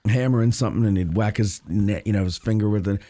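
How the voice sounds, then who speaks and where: A man's voice: fairly low pitch, fast talker, mellow, dry recording. A man co-hosting a casual studio chat, joking and telling stories. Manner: joking, storytelling, mimics voices. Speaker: co-host.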